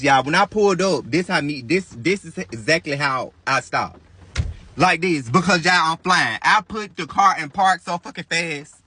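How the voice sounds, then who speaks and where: A man spins a dramatic storytime for his viewers in a fairly high, bright voice. His pitch swings widely as he tells it. He is animated and profane throughout. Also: husky. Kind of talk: storytime vlog addressing viewers.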